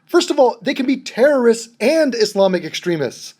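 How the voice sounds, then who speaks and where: Young male reaction host, sarcastic and profane, very lively intonation. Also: very high voice, moderate pace. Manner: sarcastic, mocking, swears often. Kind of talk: profane mocking commentary over a clip.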